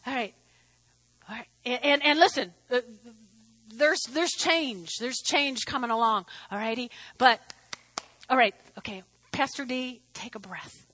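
A woman pastor preaching a sermon, emphatic, swinging between hushed asides and shouted declarations, hot and sweating. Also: on the high side, measured pace, rough recording.

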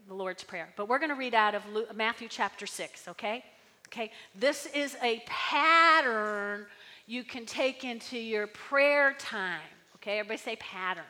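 Bright-voiced woman preaching in a reverberant hall. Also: fairly high pitch. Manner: chatty, tag questions, audience call-and-response. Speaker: pastor. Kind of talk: sermon.

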